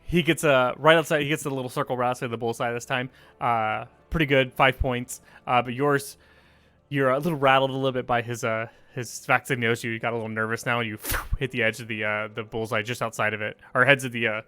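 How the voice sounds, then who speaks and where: A man runs a tabletop game as game master, narrating loosely and casually. His voice is mid-pitched and recorded dry and close. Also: fairly even intonation, fast, pushed and bright, clear, resonant tone, no room sound. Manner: casual, many fillers.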